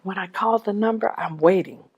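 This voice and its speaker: A middle-aged widow giving a personal testimony, telling her story in an animated way and acting out the dialogue. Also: medium pitch, a little fast, slightly rough, muffled recording.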